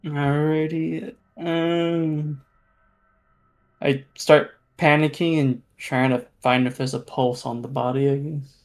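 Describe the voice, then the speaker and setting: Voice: medium pitch, level tone, takes it slowly. Tabletop player, everyday mid voice, hesitant and casual. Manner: hesitant, lots of fillers. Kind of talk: casual chat.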